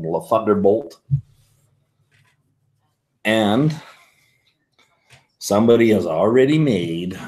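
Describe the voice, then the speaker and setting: A man with a lowish, warm voice hosts a whisky livestream, rambling casually and responding to viewer comments as he reads them aloud.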